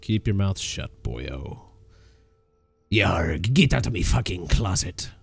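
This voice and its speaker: A man voicing a gruff male pirate who threatens in pirate slang. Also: deep voice, big pitch swings, takes it slowly, no echo, faint music behind, pitched below the performer's own voice, exaggerated voice. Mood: gruff threatening.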